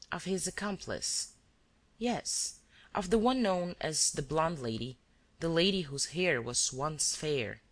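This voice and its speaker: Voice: medium pitch, fairly bright tone, heavily acted. A reader voicing a young French woman who is cornered and frightened, answering in pleading, breathless denials.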